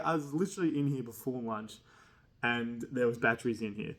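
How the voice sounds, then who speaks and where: A man's voice: mid-range voice, steady tone, fast talker, fairly bright tone. A young man telling a casual school anecdote, rambling with slang and laughing mid-sentence. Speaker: storyteller.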